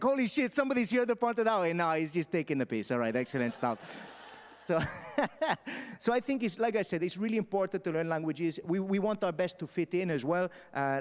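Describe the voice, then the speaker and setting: A young stand-up comedian from Mallorca works a live festival crowd in an animated, punchy way, checking in with "all right?" again and again. His voice sits a little high for a man. The stage mic carries a long hall reverb. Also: smooth. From Mallorca, Spain.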